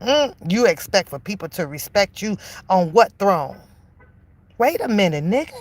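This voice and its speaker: A woman delivering a heated, profane reaction rant as an online commentator, mocking her target and drawing out key phrases slowly for emphasis. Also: high voice, creaky.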